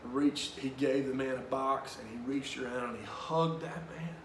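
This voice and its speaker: A man leading a Bible study, telling a personal story in an animated, emphatic way. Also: medium pitch, moderate pace, echoey room, slight background noise.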